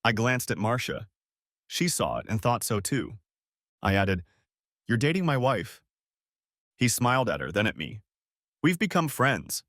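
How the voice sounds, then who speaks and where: A man's voice: lowish voice, fairly bright tone, no room sound, clean studio sound. A man narrating a first-person story for an audiobook, in a wry storytelling manner.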